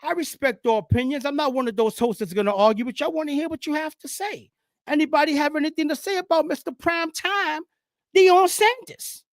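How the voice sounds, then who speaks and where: A Bronx man with a New York accent hosts a casual live-stream sports talk, rambling animatedly and loudly throwing around street slang. His voice is extremely high-pitched and brisk, recorded dry in studio quality.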